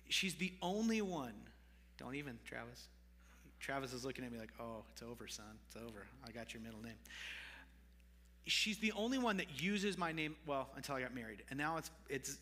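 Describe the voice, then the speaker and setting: Male pastor, mid pitch, bright and forceful, conversational sermon delivery with asides to the congregation, live in a reverberant church hall. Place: church sanctuary.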